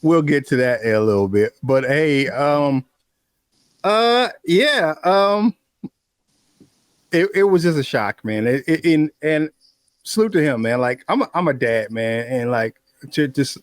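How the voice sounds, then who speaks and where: A middle-aged man and father co-hosting a sports podcast, talking in a relaxed, reflective way. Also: medium pitch, normal speed, dry recording, studio quality. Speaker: podcast co-host. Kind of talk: casual sports chat.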